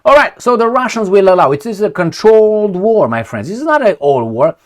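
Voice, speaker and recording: Animated, profane man from Romania. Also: high-pitched, brisk. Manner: profane, animated, acts out exchanges. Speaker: political commentator. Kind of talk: casual monologue commentary.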